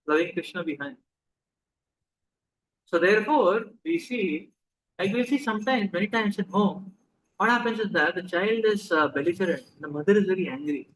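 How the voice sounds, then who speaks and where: A man with an Indian accent and a high voice delivers a relaxed, talkative sermon. He keeps checking in with his listeners through questions and drops Hindi phrases into his English. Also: normal speed, pauses often, poor audio. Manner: conversational, asks the audience questions, mixes in Hindi. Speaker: spiritual teacher. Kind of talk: sermon to a live audience.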